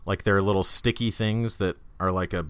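A man's voice: low voice, fairly even intonation, normal speed, clean tone, dry recording. A man co-hosting a podcast in casual chat, rambling and self-mocking and laughing often. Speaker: podcast co-host.

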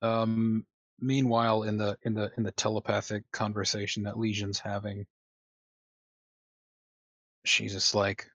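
A man's voice: on the low side, level tone, a little slow, long pauses, fairly bright tone, dry recording, muffled recording. A man running a tabletop game as game master, hesitant with many restarts.

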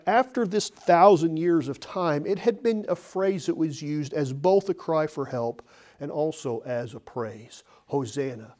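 A man preaching a sermon, earnest, building to urgent emphasis and clearing his throat now and then. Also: medium pitch, darkish tone.

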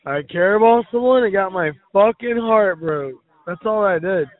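A drunk man calling in, whining and cursing loudly about being wronged. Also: high-pitched, animated, moderate pace. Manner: slurred, self-pitying, cursing and shouting. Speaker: caller. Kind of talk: angry phone rant. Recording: tinny phone line.

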